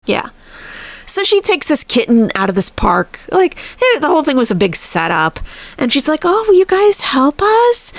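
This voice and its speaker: A woman's voice: fairly high pitch, no room sound. A woman hosting a live stream, chatting casually and animatedly, laughing often and thanking viewers.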